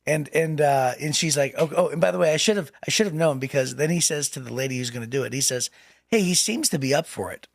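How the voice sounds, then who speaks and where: A man's voice: a little high, fast talker, gravelly. A man co-hosting a podcast, telling a personal story in casual chat with lots of laughs. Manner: storytelling, animated, laughs often. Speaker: podcast co-host.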